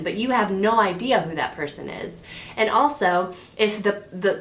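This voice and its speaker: A woman's voice: mid-range voice, fairly bright tone. A woman in her twenties giving rambling, sassy advice straight to her camera, often correcting herself as she goes. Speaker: beauty vlogger. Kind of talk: casual chatty advice to camera. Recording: roomy home camera audio.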